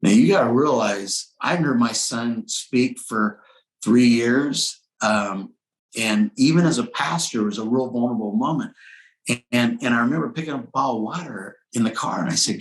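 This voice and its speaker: Recorded with a roomy echo, a middle-aged pastor with a mid-range voice speaks at a moderate pace as an interview guest. He tells a personal testimony in earnest storytelling style, quoting dialogue and shifting his pace.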